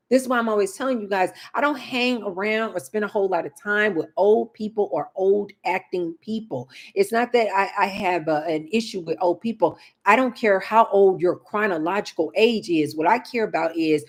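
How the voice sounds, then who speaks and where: A woman's voice: mid-range voice, expressive, normal speed, few pauses. A woman talking casually to camera in a vlog, chatty and emphatic, often turning to address her viewers directly. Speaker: lifestyle vlogger.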